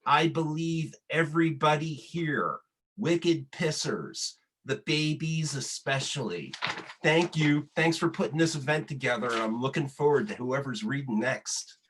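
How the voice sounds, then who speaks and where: A man reading a poem slowly and deliberately, then thanking the organizers. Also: fairly high pitch, fairly bright tone. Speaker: poet reader. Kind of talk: poetry reading.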